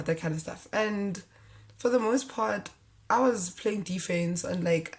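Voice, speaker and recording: A young woman tells a personal story to her camera in a casual, animated way and acts out the lines people said to her. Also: medium pitch, slow. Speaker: vlogger.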